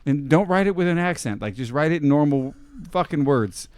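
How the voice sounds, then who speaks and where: A man co-hosting a casual podcast, telling stories in an animated way, swearing often and laughing as he talks. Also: fairly high pitch, a little fast, smooth, no echo. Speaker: podcast co-host. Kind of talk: casual profane chat.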